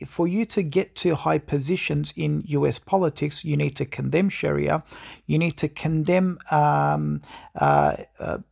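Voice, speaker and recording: Gravelly man ranting in commentary. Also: on the high side. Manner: rambling, filler-heavy, laughs at his own points. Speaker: online commentator. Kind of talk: political commentary video.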